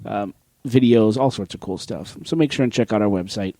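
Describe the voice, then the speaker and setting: A middle-aged man hosting a podcast in casual, joking chat, quick to laugh at himself. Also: lowish voice, warm tone, dry recording. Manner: joking, self-mocking, laughs often. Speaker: podcast host.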